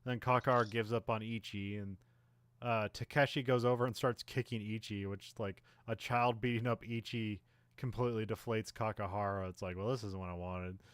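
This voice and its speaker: A man co-hosting a podcast, casually recapping a film plot with many fillers and quick acted-out character lines. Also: lowish voice, steady tone, fairly bright tone, clean tone, dry recording. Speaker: podcast co-host. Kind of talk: casual movie recap chat.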